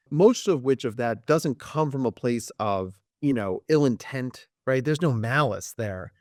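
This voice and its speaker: Animated male psychologist telling stories. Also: dry recording, studio quality. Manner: animated storyteller, acts out quotes with big pitch jumps. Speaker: clinical psychologist guest. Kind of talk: podcast interview.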